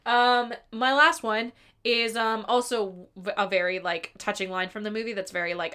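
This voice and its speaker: A woman's voice: mid-range voice, fairly even intonation, normal speed, bright, forceful tone, clear, resonant tone. A woman co-hosting a casual podcast chat about a movie, giggly and chatty, swearing now and then. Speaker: podcast co-host.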